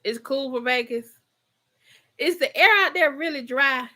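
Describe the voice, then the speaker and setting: A woman's voice: high-pitched, measured pace, bright, forceful tone. A middle-aged woman with a Georgia Southern accent, hosting a casual livestream and chatting with her viewers at home. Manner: chatty, laughs often, Southern slang. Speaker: livestream host. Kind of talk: casual chat reading live comments.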